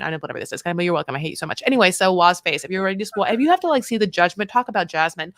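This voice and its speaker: A woman's voice: on the low side, quick pace, hardly any pauses, fairly bright tone, no echo, studio quality. A woman co-hosting a casual recap chat, rambling emphatically with some profanity. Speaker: podcast co-host.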